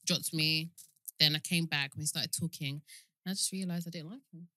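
A woman's voice: sits low, a little fast, dry recording. A woman, telling stories in a casual chat and acting out what people said, often laughing. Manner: animated storyteller, laughs often, acts out quotes. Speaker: podcast co-host.

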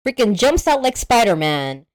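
A woman co-hosting a podcast, recapping a horror movie in an animated, profane way and acting out the characters' lines. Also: on the high side, normal speed, no room sound. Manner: animated storyteller, acts out characters, swears freely. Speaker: podcast co-host. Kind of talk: casual movie recap chat.

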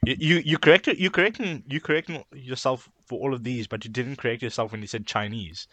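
A man's voice: mid-range voice, fairly quick, pushed and bright, dry recording. Man, podcast co-host, teasing, stumbling restarts. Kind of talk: casual chat.

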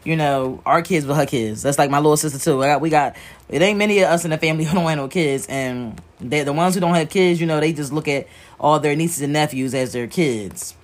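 A woman's voice: deep voice, brisk. A grieving woman talking frankly and emotionally to camera while sewing with needle and thread, rambling and swearing freely. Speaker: wig maker working while talking. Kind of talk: candid talk to camera while working.

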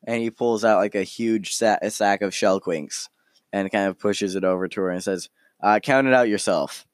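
A man's voice: lowish voice, flat delivery, normal speed, no echo, clean studio sound. A man recounting a tabletop game session in a hesitant way, full of fillers and restarts. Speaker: storyteller.

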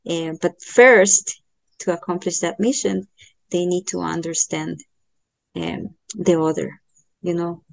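Slow-talking woman with dry close sound. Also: fairly low pitch, fairly even intonation, gravelly, dry recording. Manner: slow, thoughtful, many fillers and restarts. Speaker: astrologer giving a chart reading. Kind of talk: podcast interview, explaining.

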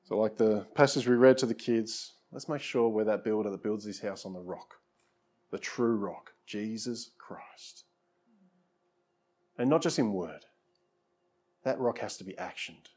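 A man's voice: lowish voice, a little slow, long pauses, darkish tone. Conversational male pastor preaching. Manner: conversational, repeats words, frequent "you know" and "Lord God". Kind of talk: sermon with closing prayer.

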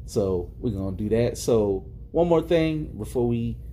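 Give me a man co-hosting a podcast, animated and jokey, with a warm mellow voice. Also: mid-range voice, measured pace, a little hiss or hum. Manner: animated, joking, swears freely. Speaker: podcast co-host. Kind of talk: casual chat.

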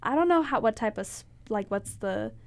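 A woman chats as a guest on a casual podcast, her voice pitched on the higher side. She is playful and riffs on the host's lines, but stalls with fillers when talking about herself. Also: animated, fairly quick. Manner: playful, echoes the host, hesitant fillers. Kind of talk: casual chat.

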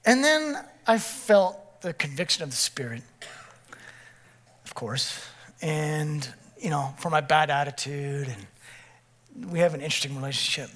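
A male pastor giving a sermon, telling a personal story with animated energy and checking in with the congregation. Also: a little high, measured pace. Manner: animated storytelling with frequent "okay?" check-ins.

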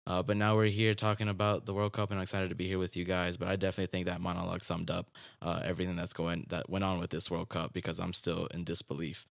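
Chill guy with a super deep smooth voice, co-hosting a football podcast, rambly, dry close mic. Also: fast talker, hardly any pauses, dry recording. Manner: relaxed, rambling, many fillers. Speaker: podcast co-host. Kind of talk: casual sports podcast chat.

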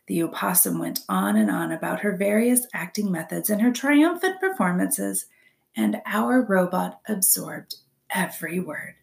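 A woman narrating a children's novel aloud in an expressive storybook reading. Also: medium pitch, unhurried, vocal fry.

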